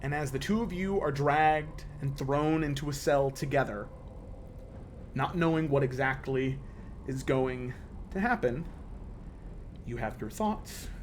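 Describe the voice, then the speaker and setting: A man narrating a tabletop role-playing game as game master, with lively, stumbling storytelling full of fillers. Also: mid-range voice, slight background noise.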